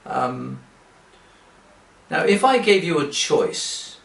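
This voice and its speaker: Slow-spoken man, roomy distant sound. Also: fairly high pitch, big pitch swings, gravelly, fairly bright tone. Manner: slow, deliberate, with rhetorical questions. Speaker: English teacher. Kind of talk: direct-to-camera sales pitch. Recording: roomy, from away from the mic.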